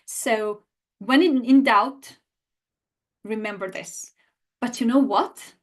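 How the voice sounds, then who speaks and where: Taking her time, a woman with a fairly high-pitched voice runs a live online language class. She's animated and lively, addressing viewers head-on and answering what they post in chat.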